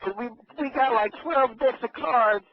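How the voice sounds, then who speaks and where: High-voiced rambling man on radio. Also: moderate pace. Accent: Los Angeles. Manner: rambling, loses his train of thought. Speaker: regular caller. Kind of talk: rambling comic phone-in story. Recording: dull radio broadcast audio.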